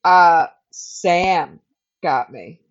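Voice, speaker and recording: A woman's voice: on the low side, very slow. Chatty woman recapping, dull lo-fi sound. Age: adult. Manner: chatty and joking, laughs often. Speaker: podcast co-host recapping a TV episode. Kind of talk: casual chat. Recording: dull lo-fi recording.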